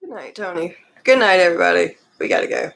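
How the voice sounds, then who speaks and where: A woman's voice: on the low side, sing-song, fast talker, a bit bright. A woman, laughing and playfully wrapping up a live stream as co-host. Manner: laughs a lot, playful, gravelly. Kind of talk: casual chat signing off a live stream.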